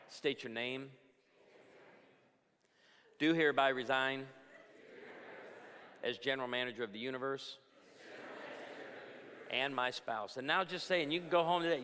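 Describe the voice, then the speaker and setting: A man's voice: medium pitch, a bit bright. A middle-aged male pastor giving a humorous, storytelling conference talk to a crowd. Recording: long hall reverb.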